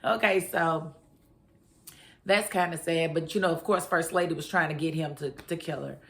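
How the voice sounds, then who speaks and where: Woman, lowish voice, casual slangy chatter, TV recap vlogger. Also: steady tone, normal speed, a bit bright. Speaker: TV review vlogger.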